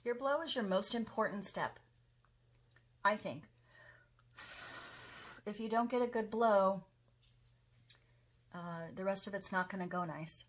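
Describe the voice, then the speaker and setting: A woman's voice: mid-range voice, unhurried, long pauses, slight background noise. A woman hosting a casual crafting tutorial, chatting enthusiastically while she works in her home studio. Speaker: craft video host.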